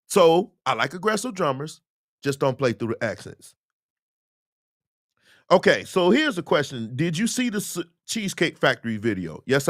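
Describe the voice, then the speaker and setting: Male host, casual livestream Q&A, emphatic and lively, high voice. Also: no room sound, studio quality. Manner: animated, emphatic, preachy asides. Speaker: host, musician.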